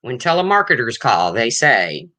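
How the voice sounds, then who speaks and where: An older woman chatting on her livestream in a blunt, rambling, defensive way. Her low voice gets her mistaken for a man, yet it sounds bright and edgy, and her pitch jumps around a lot as she talks. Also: very animated, moderate pace, no echo. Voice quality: low, husky-sounding voice, often mistaken for a man's. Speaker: livestream host. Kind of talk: casual livestream chat.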